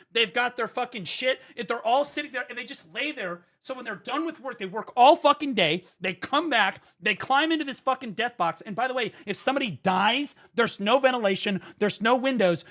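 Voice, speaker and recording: An American man streaming a game, telling stories in an animated, swearing comedic rant. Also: extremely high pitch. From United States.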